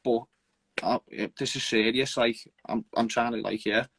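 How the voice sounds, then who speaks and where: A young man, an amateur fighter, talking earnestly in a casual interview with halting restarts and casual swearing. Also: medium pitch, steady tone, creaky, fairly bright tone, breathy edge, no room sound. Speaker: amateur MMA fighter, guest.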